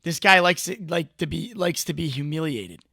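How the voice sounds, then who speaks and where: Young male commentary host, sharp bright tone, dry close sound, riffs and mocks excitably. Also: a little high, normal speed, vocal fry, no room sound. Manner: mocking, riffing, excitable, with frequent "like" and "bro". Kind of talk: casual reaction commentary.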